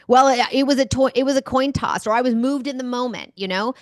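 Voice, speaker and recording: A woman guest on an interview show, answering questions as an enthusiastic, animated storyteller. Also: sits high, quick pace, dry recording, studio quality. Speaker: guest speaker. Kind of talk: conversational interview.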